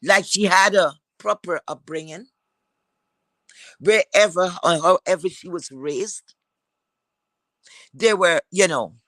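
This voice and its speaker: A woman's voice: lowish voice, slow pace, long pauses, a bit bright, dry recording. A woman gives a heated commentary rant. She is blunt, swears freely and keeps asking rhetorical questions.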